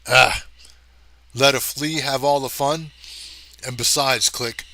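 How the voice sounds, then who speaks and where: A man voicing a burly, brash male space ranger who talks loud and gruff. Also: mid-range voice, steady tone, slow, no room sound, exaggerated voice. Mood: gruff bluster.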